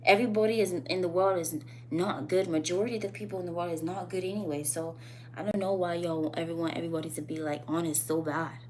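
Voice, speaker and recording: A woman holding forth in a casual vlog, with a slightly low voice that jumps up when she makes a point. She rambles loosely and lands each point bluntly. A faint hum sits under the recording. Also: quick pace. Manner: blunt, animated, rising to emphatic peaks; loose, rambling phrasing with fillers. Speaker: vlogger.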